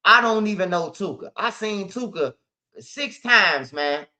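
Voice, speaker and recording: A man with a high, bright voice speaks a little slowly, expressive and forceful. Hosting a street news channel, he retells a story in a loose, slangy, profane, emphatic monologue. The audio is dull and lo-fi.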